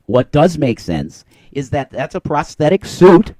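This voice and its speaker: A man's voice: on the high side, big pitch swings, a little slow, dark tone, no echo, clean studio sound. A man co-hosting a casual chat, blunt and emphatic, often agreeing with his partner. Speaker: podcast co-host.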